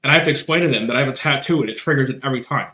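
A man co-hosting a live podcast chat, spinning lively anecdotes and dropping the odd swear word. His voice is bright and forceful. The sound is roomy and echoey. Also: medium pitch, racing. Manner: lively storyteller, swears casually. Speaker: podcast co-host.

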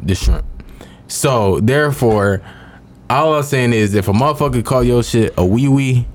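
A man's voice: medium pitch, moderate pace. A young man co-hosting a podcast in casual, profane, joking banter. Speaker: podcast co-host.

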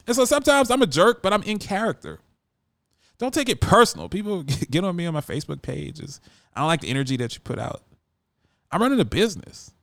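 A man's voice: on the high side, gravelly, a bit bright, no echo, clean studio sound. A man who hosts a radio show, talking in a brash, emphatic casual monologue.

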